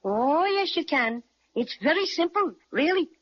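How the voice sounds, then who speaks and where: A high, chirpy little teddy bear with an Irish lilt, chatty and fond of pretend growls, as an actor plays him. He bustles along in an old-time children's radio serial. The sound is dull and muffled, like a 1930s broadcast. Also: sing-song, measured pace. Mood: cheery. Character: small cheerful male teddy bear with a gruff play-growl. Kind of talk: 1930s radio drama acting.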